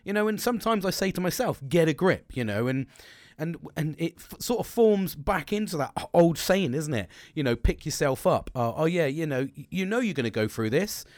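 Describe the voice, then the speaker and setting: A man's voice: fairly high pitch, lively intonation, a little fast, dry recording, studio quality. A middle-aged man hosting a candid solo podcast, talking frankly with lots of swearing and restarts. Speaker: podcast host.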